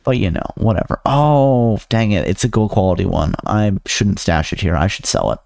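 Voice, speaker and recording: A man's voice: deep voice, brisk, creaky, a little mellow, dry recording. A man streaming a farming game, chatting to viewers in a goofy, rambling way with silly sing-song bits. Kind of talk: casual gameplay commentary.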